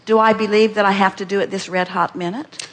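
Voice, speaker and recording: A woman gives inspirational teaching at a live question-and-answer seminar, speaking at a middling pitch. She talks emphatically, repeats her points and acts out the thoughts she quotes. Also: steady tone, brisk.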